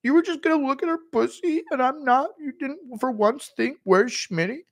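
A man putting on the voice of a clingy friend who shrilly whines about being left out. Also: moderate pace. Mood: shrill outrage. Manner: shrill, outraged, whining.

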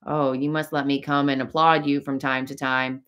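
A jealous young man full of bitter passion, voiced by a woman reading a storybook. His words come in heated, sarcastic bursts, carried on a low voice. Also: level tone, normal speed, a bit bright. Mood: bitter sarcasm.

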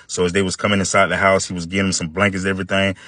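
A man telling a long joke in a casual, animated storytelling voice with relaxed dialect. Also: deep voice, rapid-fire, no echo. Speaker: joke teller.

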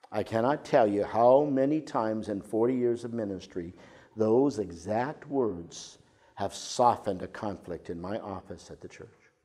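An older man preaching a sermon as a pastor, moving between emphatic points and soft, intimate asides. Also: medium pitch. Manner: expressive preaching, drops to soft intimate tones.

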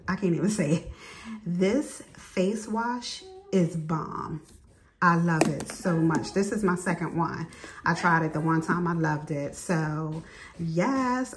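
A woman's voice: lowish voice, background noise. A woman chatting casually to camera as a beauty vlogger, laughing often and calling her viewers "girl", sitting in her home bathroom.

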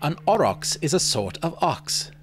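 A man's voice: fairly high pitch, sing-song, unhurried, soft background music, voice pushed up. A man voicing a mocking, know-it-all young man who needles his friend. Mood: needling, smug. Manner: derisive, needling.

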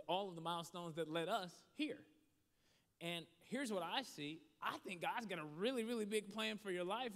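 A man telling a story as a motivational speaker, shifting from animated to hushed. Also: a little high. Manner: animated storytelling that drops to a hushed voice for serious moments. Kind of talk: storytelling sermon. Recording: long hall reverb.

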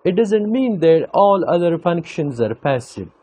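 A man giving an academic lecture, speaking deliberately and repeating key phrases for emphasis. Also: on the high side, big pitch swings, dark tone, slightly rough, rough recording.

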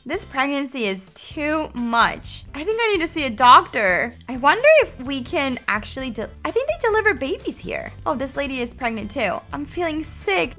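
A woman hosts a casual let's-play in a high, lively voice that swoops up and down. She sounds excitable, dramatic and giggly, with a bright, sharp tone. Faint music plays underneath. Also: moderate pace, hardly any pauses. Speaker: gaming channel host.

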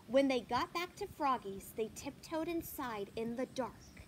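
A woman reading a children's picture book aloud, animated and asking the listener questions. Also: sits high, a little slow, few pauses, a little hiss or hum. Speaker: storyteller.

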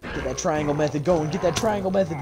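A man giving live commentary as he plays a game, animated and often laughing, chatting to the characters on screen. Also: on the high side, fast talker, music in the background. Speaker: streamer.

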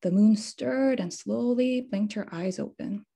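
A woman author reading her picture book aloud at a bookshop storytime, expressive and unhurried. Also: mid-range voice, gravelly. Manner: slow, expressive storytime reading with sound words. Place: bookshop event space.

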